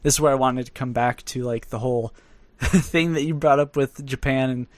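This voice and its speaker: A young man co-hosting a podcast, talking in a loose, rambling way that breaks into laughter now and then. His voice sits at a middle pitch, close and dry on the mic with no room sound. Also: steady tone, moderate pace, no echo. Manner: chatty, rambling, laughs often. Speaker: podcast co-host. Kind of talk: casual podcast chat.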